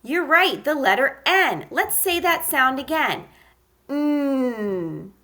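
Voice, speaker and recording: Woman, kindergarten phonics teacher, unhurried and encouraging, bright lively voice. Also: high voice. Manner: slow, encouraging, sounds out letters with exaggerated emphasis. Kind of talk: phonics lesson for young children.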